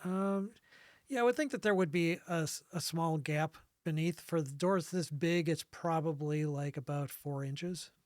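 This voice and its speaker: Guy running a tabletop game, kinda high voice, stops and restarts a lot while he checks the notes. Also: no room sound, studio quality. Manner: thinking aloud with pauses and restarts. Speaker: game master. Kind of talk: describing scenes in a tabletop game.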